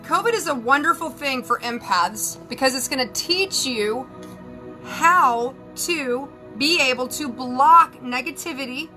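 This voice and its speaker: A Southern US psychic and spiritual advisor chats candidly on a live stream, doing her hair and makeup as she talks to viewers. Her high, bright voice is animated and forceful, and she speaks a little slowly. Faint music plays behind the low-quality recording.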